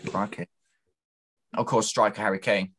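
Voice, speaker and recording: Relaxed male guest, low-ish voice, plain conversational delivery. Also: moderate pace. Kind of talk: casual chat.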